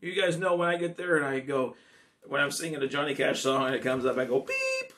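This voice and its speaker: A man's voice: medium pitch, fairly even intonation, fast talker, bright, forceful tone. A man, a singer-songwriter, chatting casually and ramblingly to his audience between songs. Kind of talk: casual chat between songs at a home concert.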